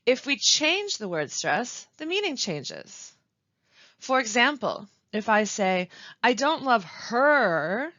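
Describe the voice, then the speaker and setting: A woman teaching a scripted webinar on pronunciation, reading example sentences slowly with deliberate stress and pauses. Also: mid-range voice, sharp tone, no room sound, dull audio. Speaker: language support instructor.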